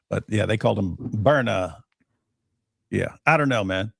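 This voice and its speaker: A man's voice: on the low side, expressive, a little slow, creaky, fairly bright tone, breathy edge, no echo, clean studio sound. A man co-hosting a livestream in casual chat, rambling and laughing at his own jokes. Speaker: co-host.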